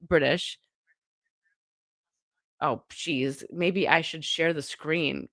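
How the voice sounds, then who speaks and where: A woman's voice: lowish voice, a bit bright, no echo, studio quality. A woman streamer who is sick, giving casual, rambling live commentary and laughing often. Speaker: streamer host.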